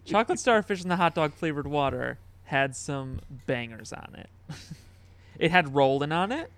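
A man's voice: a little high, expressive, moderate pace, fairly bright tone, clear, resonant tone, no room sound. A man hosting a casual podcast, easygoing and laughing along. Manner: easygoing, wraps up the show. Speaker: podcast host. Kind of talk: casual chat.

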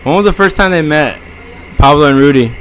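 A man's voice: a little high, fairly quick, fairly bright tone, slight background noise, rough recording. A man co-hosting a podcast in casual chat, telling stories loosely and laughing often. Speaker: podcast host.

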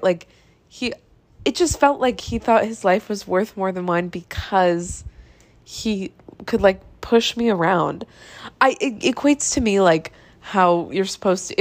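A young woman hosting a podcast, telling a story in a casual, chatty monologue with swearing, sighs and laughs, exasperated and animated. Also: mid-range voice, no echo. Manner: animated, exasperated, drops to mutters. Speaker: podcast host.

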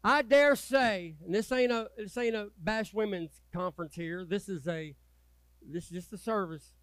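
A man preaching a sermon as pastor, folksy and swinging from loud urging to low, quiet asides. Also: normal speed, no echo. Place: church sanctuary.

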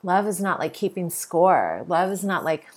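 Middle-aged woman, podcast host; low husky voice, earnest spiritual monologue, repeats lines for emphasis. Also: sing-song, moderate pace, darkish tone.

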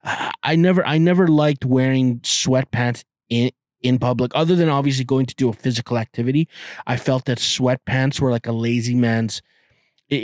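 A man's voice: mid-range voice, no room sound, clean studio sound. A man hosting a podcast, chatting casually in a rambling, profane way with many stammered restarts. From Canada. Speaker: podcast host. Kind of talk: casual chat.

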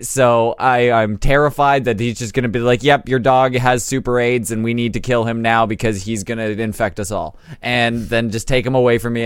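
Smooth-voiced young man, blunt and profane. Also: medium pitch, dry recording, studio quality. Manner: blunt, profane, rambling storyteller. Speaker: podcast co-host. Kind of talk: casual chat.

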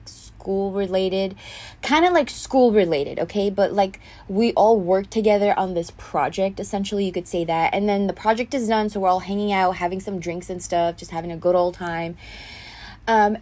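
A young woman hosts her own podcast and tells a story from her life. She sounds indignant and heated, with many fillers and restarts. Her voice sits at a middle pitch. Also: darkish tone. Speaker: podcast host.

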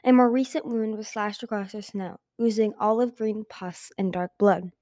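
A woman reads a fantasy novel aloud for an amateur audiobook, in a mellow, soft-toned voice. She reads carefully and goes back to fix her slips now and then. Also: medium pitch, moderate pace. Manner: careful reading with frequent self-corrections. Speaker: audiobook reader.

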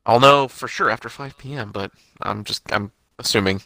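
A man's voice: medium pitch, normal speed, creaky, bright, forceful tone, no room sound. A young man co-hosting a casual chat, giving dry, matter-of-fact remarks and episode details. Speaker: podcast co-host.

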